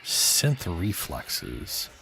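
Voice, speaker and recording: A man doing casual gameplay commentary, slow and unhurried, with a lowish voice. He mumbles his thoughts half to himself, and a faint noise sits behind him. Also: huge pitch swings, creaky, sharp tone. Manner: laid-back, mumbling to himself. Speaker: gaming streamer.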